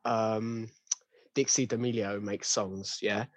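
A man's voice: on the low side, steady tone, slow, dry recording. A young man in a casual chat, ranting with lots of slang and restarts.

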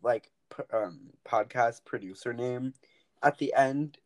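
A man's voice: medium pitch, slow pace. This young man co-hosts a loose podcast over a call, chatting in a mid-range voice. He rambles through stories, trails off mid-sentence and breaks into giggles often. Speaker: podcast co-host. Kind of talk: casual chat. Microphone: call recording.

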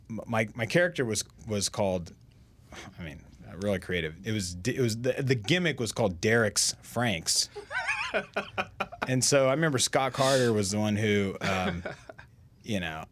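A middle-aged man telling stories in a casual podcast chat, self-deprecating and halting, with many restarts. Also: sits low, fairly bright tone. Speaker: guest.

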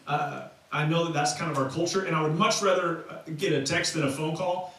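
A man's voice: on the high side, fairly even intonation, fairly quick, a bit bright, heavy reverb, far from the mic, slight background noise, low-quality recording. A man preaching a sermon as pastor, talking in a loose, conversational way with many restarts and fillers. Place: church sanctuary.

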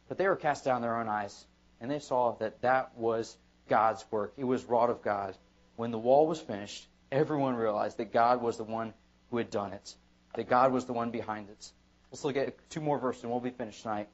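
This is a pastor's evening sermon in church, spoken at a middle pitch. He hammers his points through emphasis and repetition, and the recording is dull and lo-fi.

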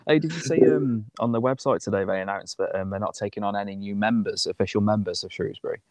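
Low-voiced lad talking football. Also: male voice, fast, a little mellow. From Shropshire, England. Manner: rambling, lots of ums, friendly banter. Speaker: podcast co-host. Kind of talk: casual football chat.

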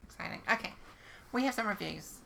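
A woman's voice: medium pitch, lively intonation, fairly quick, creaky, fairly bright tone, slight background noise. A woman with a New Zealand accent co-hosting a podcast in casual chat, dry and blunt, swearing casually. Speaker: podcast co-host.

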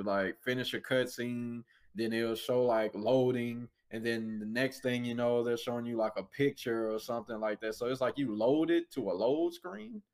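A man's voice: medium pitch, darkish tone. A man hosting a casual gaming podcast, laid-back, telling stories and laughing often. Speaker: podcast host. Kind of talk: casual chat.

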